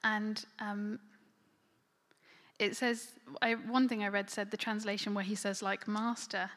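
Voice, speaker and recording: A woman's voice: medium pitch, little pitch movement, unhurried, a bit bright, in a large hall. A woman preaching a sermon in a conversational, filler-heavy way, often dropping to a near-whisper. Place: church hall.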